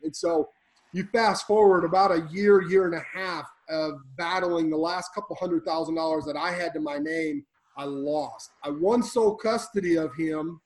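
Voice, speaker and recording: A man on a podcast telling his life story intensely, swinging between loud and hushed, like a preacher. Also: fairly high pitch, poor audio. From Illinois. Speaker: podcast guest. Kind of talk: emotional personal storytelling.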